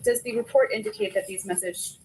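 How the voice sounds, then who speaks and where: A woman attorney questions a witness in court, brisk and formal, her voice at a middling pitch. A clear hiss runs under the courtroom recording. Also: steady tone. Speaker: prosecuting attorney.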